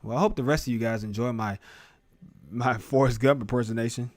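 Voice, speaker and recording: A man's voice: mid-range voice, a little fast, a little mellow, no room sound. A man in his thirties hosting a sports live stream, talking to viewers in a rambling, joking, profane way. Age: 30s. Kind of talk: casual live-stream chat.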